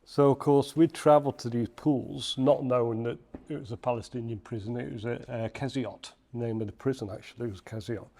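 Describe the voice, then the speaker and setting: Animated Liverpool man telling a story. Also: mid-range voice, fairly quick, creaky, few pauses. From Liverpool, England. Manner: animated anecdote-telling with acted quotes and laughs. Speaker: podcast guest. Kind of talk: storytelling in casual interview.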